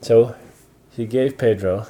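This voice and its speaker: A man telling an improvised bedtime story to a child, slow and gentle. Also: medium pitch. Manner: slow, soft, animated voices for dialogue.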